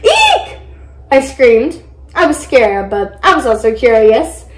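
A young woman reading a children's picture book aloud, lively, with excited exclamations for the characters. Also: fairly high pitch, measured pace, roomy sound, poor audio. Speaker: storybook reader.

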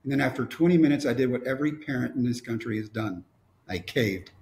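Gravelly middle-aged man, wry storyteller, echoey room. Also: medium pitch, animated, fast, a little mellow. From Texas. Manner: wry, storytelling with quoted dialogue. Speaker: motivational speaker. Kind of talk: storytelling talk.

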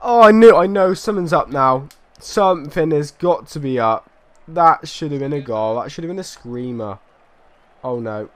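A man giving gameplay commentary as a video creator, ranting in exasperation with loud outbursts and swearing. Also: fairly high pitch, animated, moderate pace.

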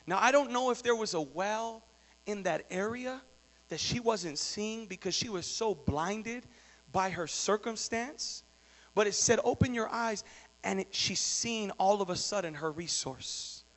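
A male preacher delivering a sermon, moving from quiet storytelling to shouted exhortation. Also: sits high, measured pace, big-room sound. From Texas.

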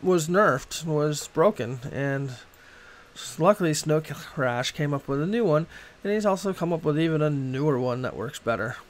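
Rambling, cursing game streamer with a high voice. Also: male voice, expressive, moderate pace. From Boston, USA. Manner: rambling, swears freely. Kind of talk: casual gaming livestream chat.

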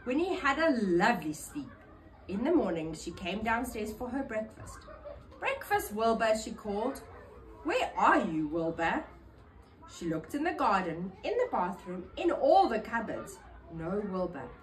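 A woman reading a children's picture book aloud in an expressive, animated storytelling manner. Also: mid-range voice, moderate pace, slight background noise, low-quality recording.

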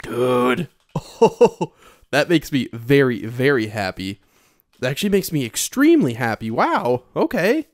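A man's voice: medium pitch, unhurried, dry recording. A young man hosting a video game let's play, chatting casually and yelping with repeated words when things go wrong. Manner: animated, yelps and repeats himself when panicked. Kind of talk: excitable gameplay commentary. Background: soft game music.

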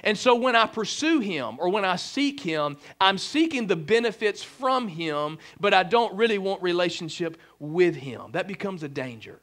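A man preaching a humorous sermon as pastor, joking with the congregation and using lots of "like" and "right?". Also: high-pitched. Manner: joking, animated, fillers like "like" and "right?". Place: church sanctuary.

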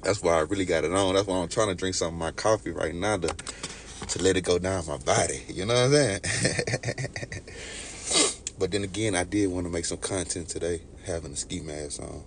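In a deep voice at normal speed, a young Texas-accented man who just got up chats casually with his stream, calling viewers by name over his coffee. The mood is laid-back, and a little hiss or hum can be heard.

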